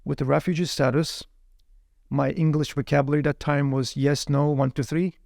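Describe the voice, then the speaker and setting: A man telling his life story as an interview guest, animated, often repeating words while he searches for the next one. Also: fairly high pitch, moderate pace, creaky, no echo, studio quality. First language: Uyghur.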